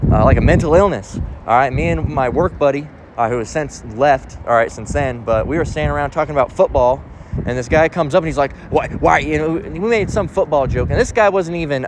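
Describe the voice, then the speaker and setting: A man's voice: medium pitch, noisy background. A man giving an informal spoken sermon, rambling and emphatic, with frequent swearing. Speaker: preacher.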